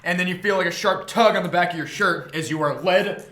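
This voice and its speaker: A man's voice: high-pitched, a little fast, bright, forceful tone. Young man rambling as game master, roomy echo. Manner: rambling, full of fillers and laughter. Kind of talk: narrating a tabletop game on a stream.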